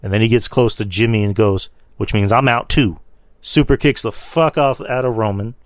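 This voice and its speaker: A man's voice: lowish voice, normal speed, no echo. A man hosting a podcast, casually recapping wrestling shows in a loose, rambling way, swearing and laughing at his own slips. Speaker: podcast host.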